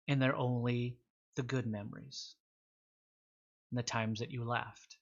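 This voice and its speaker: Guy running a tabletop game, slow dramatic narration, kinda dull lo-fi mic. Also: mid-range voice, fairly bright tone. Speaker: game master.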